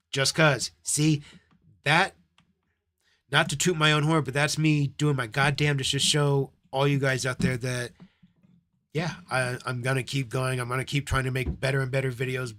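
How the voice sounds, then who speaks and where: A man's voice: mid-range voice, fairly bright tone. Male stream host, blunt and profane, scolding commentary. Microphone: desk microphone.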